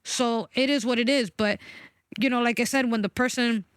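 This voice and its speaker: A woman's voice: fairly high pitch, fairly even intonation, moderate pace, smooth, dry recording, studio quality. A woman in her forties talking candidly and emphatically about a personal experience, swearing freely. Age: 40s. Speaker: guest.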